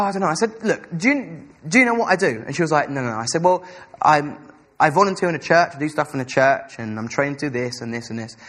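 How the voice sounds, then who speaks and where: A young man preaching a sermon, telling a story with animated, acted-out dialogue. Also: a little high.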